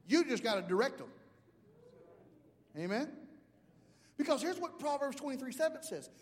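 A man preaches an animated sermon in a very high voice. His talk runs from easy and conversational to loud, surging climaxes. A long reverb hangs on every phrase, as in a large church sanctuary. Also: moderate pace.

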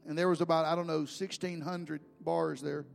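A man's voice: on the high side, flat delivery, moderate pace, creaky. A man preaching a sermon as pastor, telling folksy stories with emphasis. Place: church sanctuary. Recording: long hall reverb, faint music.

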